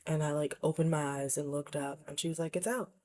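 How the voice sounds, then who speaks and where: A woman with a low, breathy voice talks candidly to camera in a personal vlog. She sounds reflective and often sinks to a near whisper. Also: steady tone, fast, warm tone. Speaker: vlogger.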